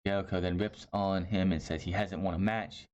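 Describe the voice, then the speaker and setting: Deep-voiced blunt man recapping wrestling. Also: steady tone, moderate pace, a little mellow. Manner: blunt, opinionated, rambling with self-corrections. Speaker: wrestling show reviewer. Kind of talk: casual recap and opinion. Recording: slightly dull lo-fi audio with faint hiss.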